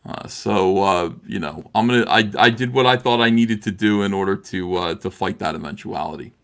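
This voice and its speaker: Speaking brisk and creaky in a fairly low, slightly bright voice, this middle-aged livestream guest gets heated over a video call. He's passionate and repetitive, with frequent restarts and many "uh"s.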